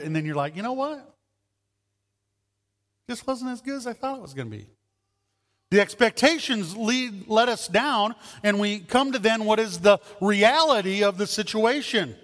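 A man's voice: high-pitched, a bit bright, long reverb tail. A man preaching a sermon as pastor, talking conversationally and asking the congregation rhetorical questions.

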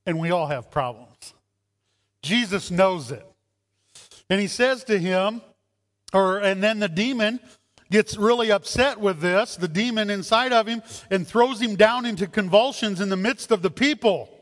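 A man preaching a sermon as a pastor, animated, acting out voices in his stories. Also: sits high, a little slow. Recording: long hall reverb.

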